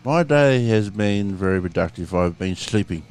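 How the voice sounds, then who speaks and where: Deep-voiced laid-back Australian man. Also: lively intonation, moderate pace, darkish tone, clear, resonant tone, soft background music. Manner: laid-back, laughing, sweary. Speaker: podcast co-host. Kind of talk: casual crude banter.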